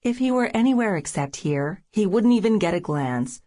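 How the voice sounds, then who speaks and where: A woman's voice: medium pitch, expressive, moderate pace, mellow. A woman narrating a first-person romance audiobook in a wry, sardonic way.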